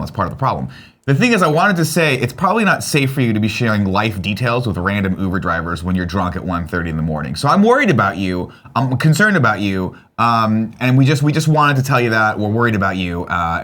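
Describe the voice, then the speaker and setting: A man's voice: fairly low pitch, very animated, a little fast, a bit bright. A man co-hosting a casual comedy morning show, joking and sarcastic and swearing freely.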